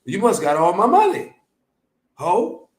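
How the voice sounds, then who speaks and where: A man's voice: high voice, wildly swooping pitch, unhurried, reverberant, heavily acted. A man putting on a bossy swaggering pimp. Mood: scolding. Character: swaggering male pimp scolding a worker.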